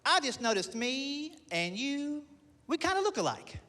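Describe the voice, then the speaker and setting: A man's voice: very high voice, measured pace, pitched above the performer's own voice, exaggerated voice. A man doing a creepy twelve-year-old boy. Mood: eerie. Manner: flat, eerie and matter-of-fact. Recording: long hall reverb, faint noise.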